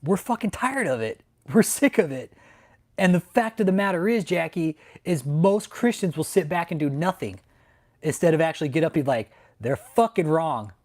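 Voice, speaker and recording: Speaking at a normal speed in a fairly high, animated voice, this channel host from Texas unleashes an angry livestream rant from his home in San Antonio. He swears heavily, keeps restating his threats, and stays heated throughout.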